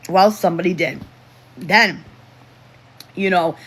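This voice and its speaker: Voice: medium pitch, takes it slowly, fairly bright tone. A livestream host telling a personal story in casual chat, rambling with restarts and asides while reading the chat aloud. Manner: rambling, with self-interruptions and restarts.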